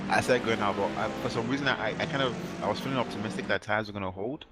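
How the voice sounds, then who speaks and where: Man, low-ish voice, rambling race recap, laughs a lot, music behind. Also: fast talker. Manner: rambling, laughing, self-deprecating. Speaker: sim racer. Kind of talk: casual voice chat.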